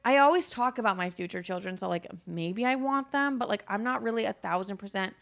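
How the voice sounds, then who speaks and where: A woman's voice: mid-range voice, a little fast, creaky, a bit bright. A young woman hosting her own podcast, talking candidly in a casual solo monologue, rambling with lots of fillers and frequent swearing. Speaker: podcast host.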